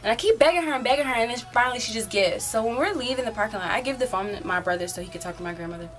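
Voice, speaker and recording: This eighteen-year-old vlogger rambles casually through a story, leaning on "um" and saying "like" again and again. Her voice is a little high, expressive, and racing.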